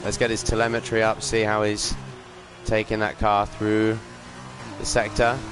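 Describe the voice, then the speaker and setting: A man giving upbeat live commentary on a sim racing league stream, chatting with viewers and filling pauses with ums and uhs. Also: on the low side, completely flat delivery, noisy background. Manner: greets chat viewers while commentating.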